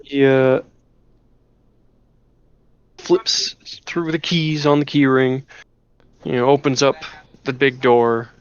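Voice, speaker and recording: A man's voice: medium pitch, little pitch movement, slow, pauses often, clean tone, no room sound, muffled recording. A man narrating a tabletop game as game master, rambling with many restarts and fillers. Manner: rambling, full of "you know" and restarts.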